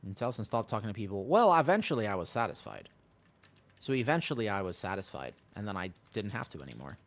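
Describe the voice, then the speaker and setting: A man's voice: on the low side, very animated, quick pace. A young man streaming a game, telling stories in a rambling, repetitive way while he plays. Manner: rambling, self-interrupting storyteller, repeats himself. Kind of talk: casual gaming stream chat.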